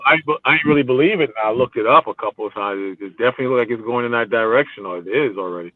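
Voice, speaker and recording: A man's voice: mid-range voice, very fast, no echo, phone-quality sound. A man describing a busy city street while out walking, exclaiming and repeating himself. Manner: excited, exclaiming, repetitive. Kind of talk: casual chat, live street commentary.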